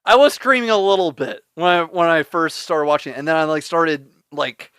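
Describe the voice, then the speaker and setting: Male podcast co-host; foul-mouthed, laughing rants; bright, dry sound. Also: on the high side, moderate pace, clear, resonant tone, no echo. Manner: ranting, heavily profane, laughing often. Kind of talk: casual podcast chat.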